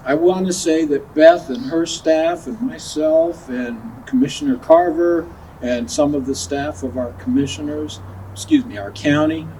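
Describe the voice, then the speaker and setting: A man's voice: medium pitch, warm tone, a little hiss or hum. A man chairing the county commission gives a folksy, conversational ceremony speech outdoors, sometimes correcting himself. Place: outdoors at a groundbreaking. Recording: distant outdoor recording, faint ambience.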